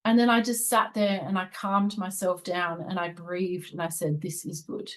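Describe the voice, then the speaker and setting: A woman's voice: fairly low pitch, level tone, moderate pace, low-quality recording. A woman hosting a spiritual channel, giving casual commentary and sharing personal stories in an earnest, confiding way.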